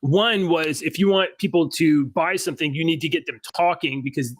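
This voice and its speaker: A man's voice: on the high side, normal speed, dry recording. A man co-hosting a podcast in casual chat, rambling with restarts and frequent laughs. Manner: rambling, self-interrupting, laughs often. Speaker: podcast co-host.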